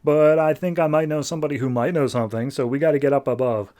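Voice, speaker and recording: A man voicing a streetwise young male underground guide in a hurried, urgent way. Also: on the high side, dark tone, close to an everyday voice.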